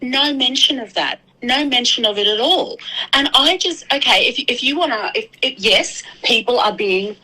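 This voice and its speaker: Earnest Australian woman guest, bright and forceful, restarts her sentences. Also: on the high side, animated, poor audio. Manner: earnest, halting, many restarts. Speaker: guest commentator. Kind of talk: casual talk show discussion.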